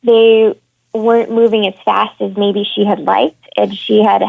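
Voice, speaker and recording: A woman's voice: medium pitch, level tone, a little slow, creaky, slight background noise. A woman calling in as a women's hockey reporter, talking frankly and with open frustration during a phone-in discussion. She sounds annoyed and opinionated. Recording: tinny phone line.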